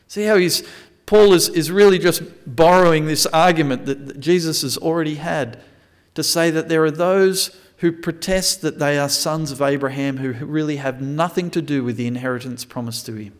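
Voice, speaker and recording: A man's voice: on the high side, moderate pace. A man preaching a sermon, reading scripture aloud and explaining it with frequent restarts and self-corrections. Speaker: pastor.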